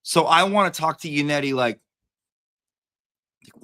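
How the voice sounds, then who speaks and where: This livestream host, a man with a daughter, talks loosely and playfully and occasionally sing-songs to his cat. He speaks a little slowly in a sharp-toned voice on the high side.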